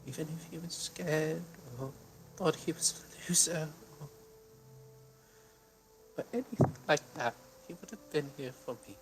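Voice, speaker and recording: A man voicing a grief-stricken young woman who is crying, in a breathy, whispered sob. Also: fairly high pitch, unhurried, long pauses, slight background noise, pitched above the performer's own voice. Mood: tender grief.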